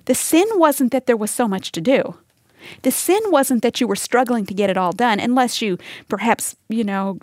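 Woman Bible teacher, fairly high voice, dry close sound, earnest and conversational with her listeners. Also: no echo. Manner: earnest, talks straight to listeners with rhetorical questions. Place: live teaching session with women listening.

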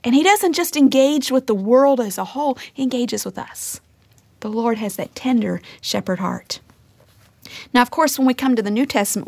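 A woman teaching a sermon, earnest, often dropping to a hushed whisper to stress a point. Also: a little high, dry recording. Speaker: Bible teacher.

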